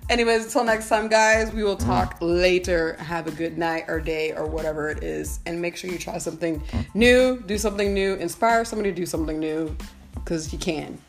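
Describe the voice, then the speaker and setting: A woman's voice: lowish voice, a little fast, gravelly, faint music behind. A woman hosting a casual chat, reacting with laughter and signing off to her listeners. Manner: chatty, warm reactions, frequent laughter. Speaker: podcast host.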